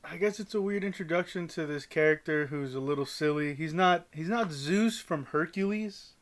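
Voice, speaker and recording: A man's voice: fairly high pitch, normal speed. A man co-hosting a review podcast in casual chat, rambling and hesitant with many fillers. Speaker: podcast co-host.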